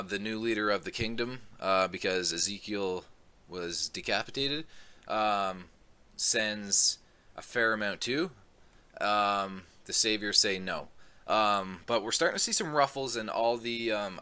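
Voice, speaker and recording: A man casually recapping a comic book volume, rambling and filling gaps with "um" as he gets excited about the story. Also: on the low side. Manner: rambling, many "um"s, excitable retelling. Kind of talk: casual plot recap review.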